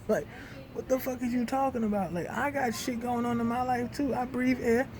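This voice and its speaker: A young man, venting in a heated, profane rant that swings between loud outbursts and low muttering. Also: fairly even intonation, normal speed, crowd noise.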